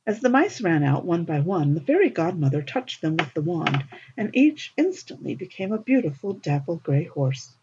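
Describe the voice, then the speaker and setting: Woman narrating a storybook, lively intonation, husky and breathy, dull lo-fi sound. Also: fairly low pitch, normal speed. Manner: expressive, lilting. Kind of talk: storybook reading. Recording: dull lo-fi recording.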